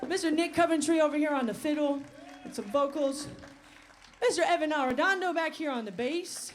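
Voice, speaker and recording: A woman's voice: sits high, moderate pace, slight background noise. A woman singer and bandleader talking to the crowd between songs, chatty and rambling, on an outdoor festival stage.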